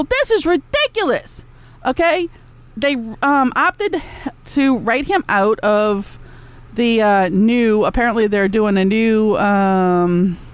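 A woman's voice: mid-range voice, clean tone. A woman hosting a podcast, ranting with profanity and loose slang. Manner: profane, exasperated, heavy drawl of casual slang. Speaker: podcast host.

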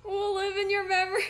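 High-voiced melodramatic woman streamer. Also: a bit bright. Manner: playfully melodramatic, mock-tearful. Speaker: live streamer. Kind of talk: casual live-stream chat while painting.

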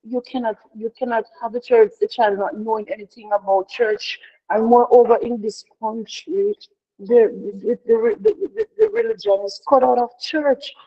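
A woman's voice: a little high, lively intonation, moderate pace, creaky. A middle-aged woman leading a prayer devotion in an earnest, heartfelt way, often repeating herself and restarting. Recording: dull lo-fi sound.

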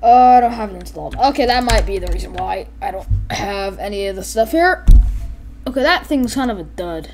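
Excitable woman gaming commentator. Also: medium pitch, a little fast, faint music behind. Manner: excitable, exclaims and giggles often. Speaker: gameplay commentator. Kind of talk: casual gameplay commentary.

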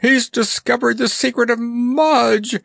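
Man doing a shrill, furious hoarse monarch. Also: huge pitch swings, fairly bright tone, dry recording, studio quality, heavily acted. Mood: shrill alarm. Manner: screaming, drawn-out outbursts. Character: furious hoarse male monarch, childish tantrums.

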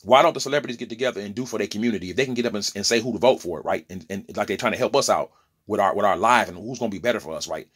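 A man in his forties rants into the camera in a husky, somewhat low voice. He speaks with preachy conviction, trips over repeated words and pushes through his points with rising heat. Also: very fast, a bit bright. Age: 40s. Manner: impassioned, stumbling restarts, preachy asides. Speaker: opinion vlogger. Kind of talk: opinion monologue.

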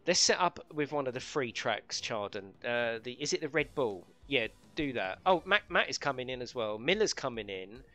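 A man's voice: mid-range voice, animated, normal speed, few pauses, pushed and bright, faint music behind. A man streaming a racing game live, chatting casually with viewers and friends, swearing lightly and laughing often.

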